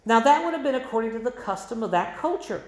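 A man's voice: very high voice, animated, quick pace. A man preaching a sermon, explaining scripture in a conversational way and adding emphasis with quoted voices. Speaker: pastor. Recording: roomy echo.

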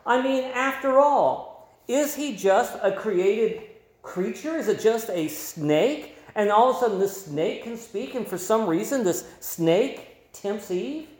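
A man preaching a sermon, reading scripture aloud and explaining it in a measured teaching manner. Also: high-pitched, animated, darkish tone, echoey room.

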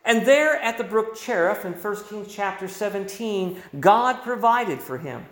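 A man's voice: sits high, animated, unhurried, fairly bright tone. A male pastor preaching a sermon with emphatic delivery, his voice swelling and dropping. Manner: emphatic preaching with rising and falling volume. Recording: roomy echo.

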